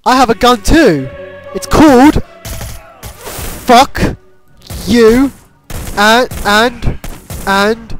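A young man commentating a video game playthrough, excitable, laughing and swearing at what happens on screen. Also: very high-pitched, slow, faint music behind, rough recording. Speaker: gamer commentator. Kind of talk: let's play commentary.

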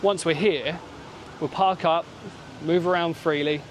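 A young man chatting as a vlogger on a walk, talkative and gently joking. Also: on the high side, steady tone, a little slow. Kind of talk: casual chat. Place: outdoors at a resort, walking and riding a cable car. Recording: noisy outdoor phone recording.

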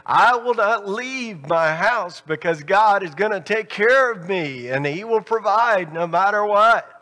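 A man's voice: sits high, lively intonation, slow pace, pushed and bright, exaggerated voice. A man preacher voicing a stubborn, devout man who refuses every rescue, speaking emphatically. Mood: insistent. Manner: emphatic, insistent. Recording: reverberant church hall.

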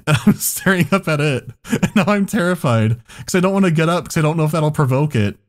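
A man's voice: on the high side, animated, quick pace. A man hosting a podcast, telling a story in casual chat, laughing often and swearing freely. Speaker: podcast host.

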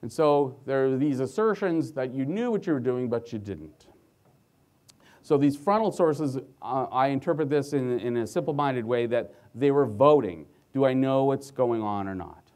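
A man's voice: mid-range voice, animated, moderate pace, a little mellow. A man who works as a physician, giving a conference lecture in an earnest way and telling stories about his patients. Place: conference hall stage.

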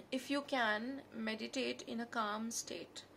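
A woman with an Indian English accent gives calm, gently reassuring advice as a therapist, now and then slipping into Hindi. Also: fairly high pitch, slow, gravelly, a little hiss or hum. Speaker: NLP therapist. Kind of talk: spoken advice talk.

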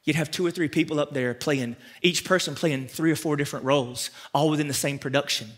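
A man pastor preaching a sermon, swinging from loud emphatic peaks down to quiet asides to the congregation. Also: fairly quick. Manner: preaches with sharp rises to loud emphatic peaks, then drops low and quiet.

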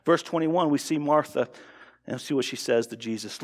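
A man's voice: medium pitch, normal speed. A man preaching a sermon in a church, talking conversationally with frequent restarts and acting out quotes. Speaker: pastor. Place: church sanctuary. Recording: long hall reverb.

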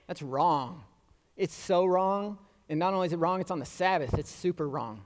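A man's voice: sits high, moderate pace, in a large hall, natural voice. A man voicing indignant male religious critics in a sneering, accusing tone inside a sermon.

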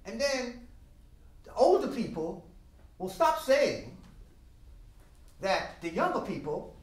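A man's voice: sits high, slow. Older man teaching, voice echoing from afar. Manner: sings out rhythms with drum sounds; animated, emphatic. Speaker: music teacher. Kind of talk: masterclass lecture. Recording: roomy sound from a distant mic.

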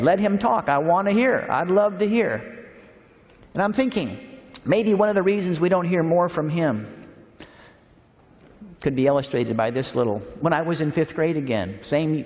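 A man's voice: fairly high pitch, a little mellow. A man preaching a sermon, telling funny stories in a folksy, easygoing way. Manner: folksy, humorous storytelling. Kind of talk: storytelling sermon. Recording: long hall reverb.

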